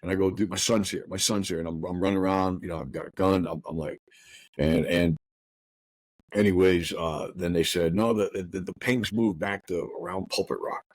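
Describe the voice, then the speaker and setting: A middle-aged man hosting a podcast, telling a painful personal story in a rough, profane, rushed way full of restarts. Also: deep voice, fairly even intonation, a little mellow, dry recording. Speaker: podcast host.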